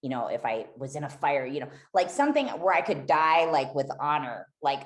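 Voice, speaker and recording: A woman's voice: deep voice, very animated, a little fast. A woman guest on a podcast, candidly telling a raw, emotional personal story and swearing freely.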